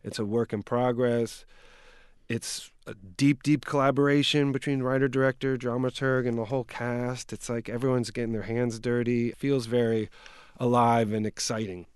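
A man, an actor, talking thoughtfully in an interview, with some halting restarts. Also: mid-range voice, flat delivery, clear, resonant tone, no room sound, studio quality. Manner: thoughtful, halting, warm about his work. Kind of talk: interview conversation.

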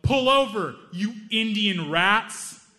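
A man putting on an angry young man who yells threats from a car. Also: high voice, expressive, slow pace, soft background music, voice pushed up, heavily acted. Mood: furious.

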